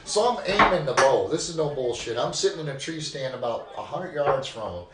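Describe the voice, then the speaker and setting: A man's voice: medium pitch, fairly quick, background noise. Guy telling a wild cussing story on a podcast, echoey room, mic kinda far. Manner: animated, profane yarn-spinning. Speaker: podcast guest. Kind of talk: casual storytelling.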